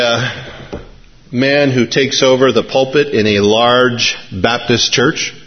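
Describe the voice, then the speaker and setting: Pastor guy preaching, tells a story and gets worked up, then goes soft, medium voice, kinda muffled audio. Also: mid-range voice. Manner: storytelling, building excitement, then soft and reflective. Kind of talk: sermon. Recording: slightly muffled lo-fi recording.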